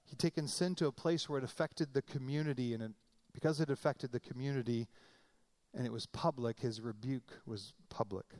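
A middle-aged male pastor preaches a sermon in a conversational, animated manner, acting out quotes with comic voices. His voice is mid-range and his delivery a little fast.

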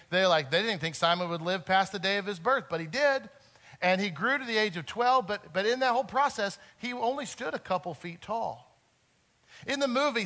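A man preaching a sermon earnestly, swinging between loud emphasis and soft, quiet moments. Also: high-pitched. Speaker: pastor.

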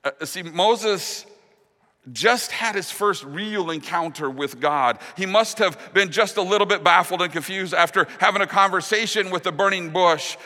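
A man preaching a sermon as pastor, earnest, dropping to a hushed, slow voice on the key promises. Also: high-pitched. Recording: long reverb of a large hall.

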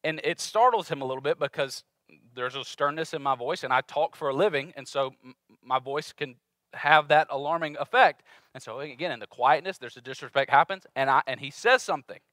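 Male pastor, 30s, conversational sermon, slightly high, bright voice, playful asides. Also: a little fast, dry recording. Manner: animated, conversational preaching with playful acted-out voices.

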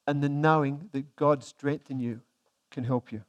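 Conversational male preacher. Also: on the high side. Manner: conversational, reads scripture slowly and softly. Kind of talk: sermon.

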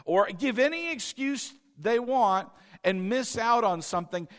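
A male pastor preaching a sermon in an animated way, calling on the congregation to repeat phrases after him. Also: extremely high pitch, measured pace.

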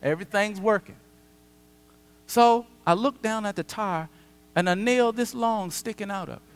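A man pastor preaching a sermon, conversational and animated with dramatic pauses. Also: high-pitched, smooth. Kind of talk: sermon with personal storytelling. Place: church sanctuary. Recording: long church hall reverb.

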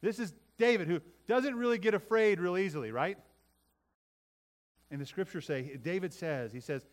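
Fairly high-voiced man preaching. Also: moderate pace. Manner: repeats words, varies loudness for emphasis, talks to the congregation. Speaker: pastor. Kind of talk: sermon.

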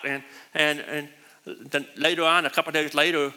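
A man's voice: a little high, flat delivery, fairly quick, sharp tone, smooth. A middle-aged man giving a sermon built around a personal story, with a distinctive voice that he himself calls bad, rambling and repeating words as he goes. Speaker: preacher. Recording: long hall reverb.

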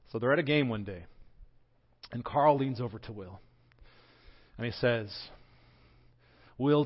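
A male pastor gives a church sermon in a light, joking, conversational manner. His voice sits at a middle pitch, and the recording sounds dull and lo-fi.

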